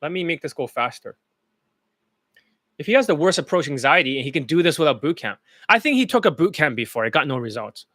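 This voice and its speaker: A man's voice: on the high side, expressive, fairly quick, a bit bright, no room sound, studio quality. A man coaching students in dating, talking bluntly and profanely over testimonial clips in a loose, rambling way.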